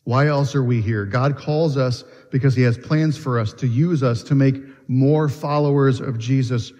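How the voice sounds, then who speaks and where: A man's voice: medium pitch, normal speed, warm tone. A man preaching a sermon in earnest, asking questions and often restarting his phrases. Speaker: pastor. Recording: long reverb of a church hall.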